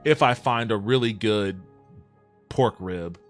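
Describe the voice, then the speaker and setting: A man casually chatting with his viewers on a livestream, relaxed and profane, reading chat aloud and answering it. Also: fairly low pitch, slow, soft background music.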